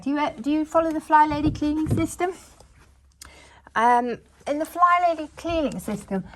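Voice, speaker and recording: A woman's voice: fairly high pitch, a little hiss or hum. Homely middle-aged woman chatting while cleaning. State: slightly out of breath from working. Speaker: cleaning vlogger. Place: bedroom at home, indoors.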